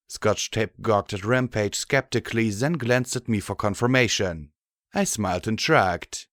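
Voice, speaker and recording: A man reading a fan fiction audiobook in a steady, measured way. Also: lowish voice, no echo, clean studio sound. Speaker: audiobook narrator.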